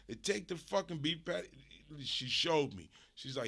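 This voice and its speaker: Middle aged LA guy ranting a funny story, swears a lot, bright punchy voice, loud then quiet. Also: moderate pace, creaky. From Los Angeles. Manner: animated, profane, swings in pitch and volume. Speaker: stream host.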